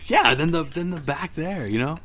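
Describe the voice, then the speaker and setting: A man's voice: fairly high pitch, expressive, normal speed, sharp tone. A young adult man hosting a pop culture podcast, talking casually with frequent fillers and reading film dialogue aloud. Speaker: podcast host.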